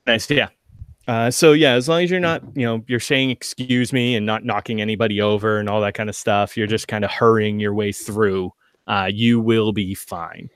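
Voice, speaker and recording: A man's voice: fairly low pitch, moderate pace, smooth, no room sound. Laid-back male game master, dry sound. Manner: relaxed, filler-heavy narration with frequent laughs. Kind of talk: narrating a tabletop game.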